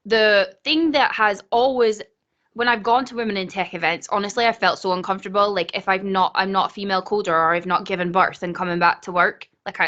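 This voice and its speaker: A woman's voice: mid-range voice, fairly bright tone, dull audio. A Scottish woman speaking on a video call in a casual panel chat, earnest and chatty, laughing often. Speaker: conference speaker.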